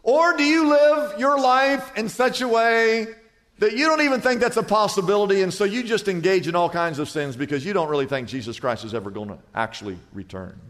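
A male pastor with a high voice delivers an animated sermon, rising loud and dropping to a hush as he tells his stories. His voice rings with a long reverb, as if from a large church hall. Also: a little fast. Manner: animated storytelling with wide swings in pitch and volume.

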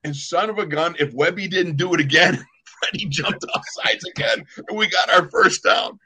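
Older man, former football pro, animated storyteller, casual podcast talk. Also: on the high side, normal speed, breathy edge. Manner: animated storyteller, acts out other people's lines.

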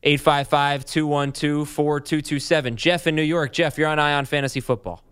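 Male radio host, higher voice, smooth clear tone, dry studio sound, brisk call-taking. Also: steady tone, a bit bright, no echo. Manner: brisk, takes calls, moves the show along. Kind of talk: sports radio hosting.

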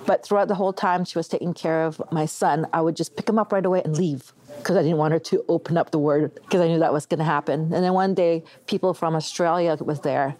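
A middle-aged woman from Canada giving a personal testimony as an interview guest, telling it in an animated way and acting out the voices of the people she quotes. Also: deep voice, fast talker.

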